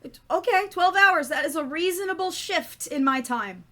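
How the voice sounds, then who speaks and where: A woman's voice: very high-pitched, expressive, moderate pace, bright, forceful tone, pitched above the performer's own voice, full character voice. Woman putting on a bubbly Irish lady worker. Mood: agreeable. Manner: bubbly, effusive, breathless gratitude. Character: dazed, chirpy young woman hospital worker.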